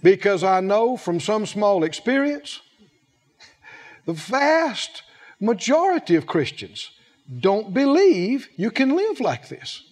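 A man delivers a sermon in a high, swooping voice. He takes his time, stretching out key words and throwing questions to his listeners, sometimes acting out small dialogues. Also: sing-song, a little mellow. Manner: emphatic, drawn-out phrasing with questions to the audience; plays out little acted dialogues. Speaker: preacher. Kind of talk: sermon to a responding congregation.

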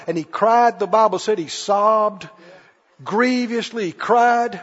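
A man's voice: high voice, takes it slowly, fairly bright tone. A man preacher delivering a fervent sermon and firing rhetorical questions at his congregation. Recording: dull recording with long hall reverb.

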